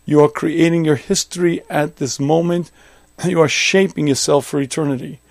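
A man's voice: a little high, fairly even intonation, normal speed, gravelly, no echo. A man giving a Torah lecture as a rabbi, emphatic, repeating phrases and acting out imagined objections.

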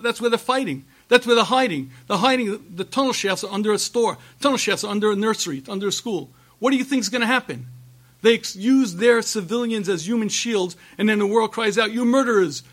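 A middle-aged man giving an impassioned religious lecture, emphatic and repetitive, with rhetorical questions and frequent throat-clearing. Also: high-pitched, fairly bright tone. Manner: emphatic, rhetorical questions, repeats phrases for force. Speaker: rabbi giving a talk.

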